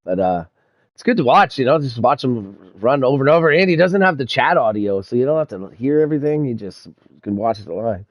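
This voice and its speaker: A man's voice: medium pitch, lively intonation, brisk, dry recording. Laid-back swearing young man, dry sound. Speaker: sim racing streamer. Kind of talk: casual chat over voice chat.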